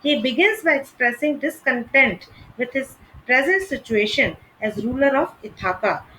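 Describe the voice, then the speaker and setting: A woman reading a scripted literature lesson in a measured, deliberate way. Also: high-pitched, expressive, sharp tone, a little hiss or hum, low-quality recording. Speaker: literature teacher.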